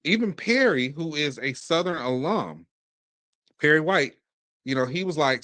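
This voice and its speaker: A man in his forties from Mississippi, hosting a casual sports commentary show, animated and talking in bursts with frequent restarts. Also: fairly high pitch, normal speed, no echo. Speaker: podcast host.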